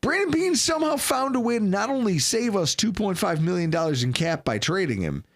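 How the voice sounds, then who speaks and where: Animated sarcastic man hosting a sports podcast. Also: high-pitched, fairly quick. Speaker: podcast host. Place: studio.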